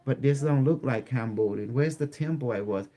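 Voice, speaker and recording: A man quoting a gentle ancient holy man. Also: mid-range voice, moderate pace, lightly acted. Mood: reassuring. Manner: gentle, reassuring.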